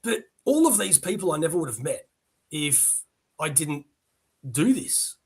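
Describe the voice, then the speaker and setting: A man's voice: fairly high pitch, sing-song, measured pace, slightly rough. A man, talking casually and bluntly about comics as a guest. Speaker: podcast guest. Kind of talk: casual chat.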